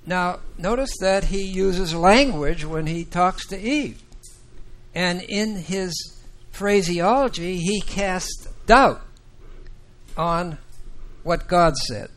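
A man teaching a Bible class, explaining verses deliberately and with emphasis, and putting questions to the class. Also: high voice, animated, a bit bright.

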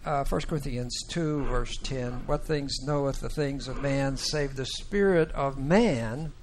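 Slow, emphatic male Bible teacher. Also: mid-range voice, a little hiss or hum. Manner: deliberate, emphatic, questions the class.

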